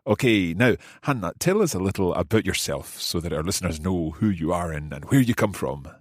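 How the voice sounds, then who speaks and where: A man's voice: sits low, lively intonation, a little fast, no echo, studio quality. A man hosting a language-lesson podcast as the learner, guiding the talk with friendly questions. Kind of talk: scripted language lesson chat.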